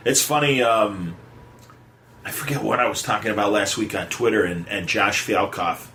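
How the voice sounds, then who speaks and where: A man's voice: fairly low pitch, normal speed, sharp tone, a little hiss or hum. A man hosting a podcast, telling trivia in a rambling, digressive casual chat. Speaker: podcast host. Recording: echoey room with faint music.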